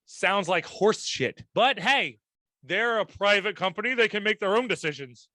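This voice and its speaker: A man's voice: high-pitched, animated, normal speed, bright, forceful tone, no room sound. A young man co-hosting a casual podcast, joking around in crude slang and reading news aloud. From United States. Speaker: co-host.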